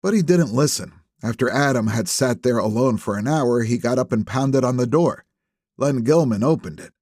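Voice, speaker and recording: A man's voice: mid-range voice, dry recording. Male audiobook narrator, dry close sound. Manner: steady, measured storytelling. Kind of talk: scripted narration.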